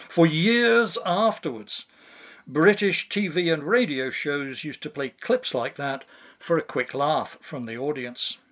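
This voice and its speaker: A man's voice: a little high, a bit bright. A man reading a scripted commentary monologue in a dry, sardonic manner. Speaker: podcast commentator.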